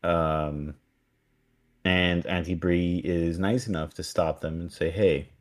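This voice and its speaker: A man's voice: low voice, fairly even intonation, slow pace. A man co-hosting a podcast, casually recapping an episode and animatedly acting out the characters' lines. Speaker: podcast co-host.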